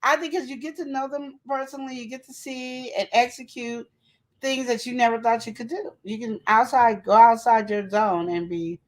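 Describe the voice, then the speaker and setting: A woman co-host chatting, animated and full of acted-out quotes and sound effects. Her voice sits a little higher than most women's. She keeps the talk casual and playful. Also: moderate pace. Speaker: podcast co-host. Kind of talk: casual chat.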